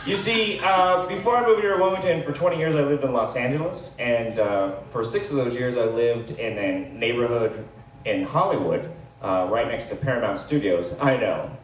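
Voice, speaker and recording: A man doing live stand-up, telling a rambling, self-deprecating story with lots of fillers and quick asides. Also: medium pitch. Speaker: stand-up comedian. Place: comedy club stage. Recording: echoey room, distant mic, faint hiss.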